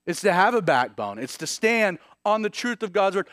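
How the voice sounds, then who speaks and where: A man in his thirties preaching a sermon, moving between loud, emphatic points and quiet, hushed storytelling. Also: high voice, very animated, normal speed, hardly any pauses, no echo, clean studio sound. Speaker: pastor.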